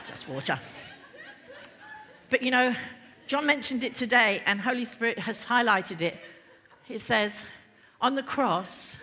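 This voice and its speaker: A woman pastor preaching a lively, conversational sermon in a church, laughing and chatting between points. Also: fairly high pitch, a little slow, long pauses, a little hiss or hum. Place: large church hall. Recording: reverberant church hall.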